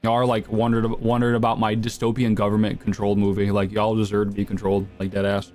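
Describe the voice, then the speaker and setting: A man's voice: lowish voice, monotone, fast talker, a little mellow, faint music behind. A young man live streaming, answering chat with crude, provocative, slang-heavy banter.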